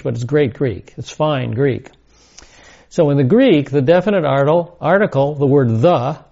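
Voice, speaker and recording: Male Bible teacher, mellow and gravelly, deliberate and emphatic lecture delivery, muffled lo-fi recording. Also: a little high. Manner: deliberate, emphatic, repeats key words.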